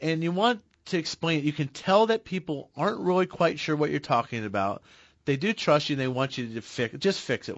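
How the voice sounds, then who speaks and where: Male radio co-host, mid-pitch, earnest explainer, dry and slightly muffled broadcast audio. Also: a little fast, no echo. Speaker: radio show co-host and auto repair shop owner. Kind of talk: casual radio call-in chat. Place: radio studio.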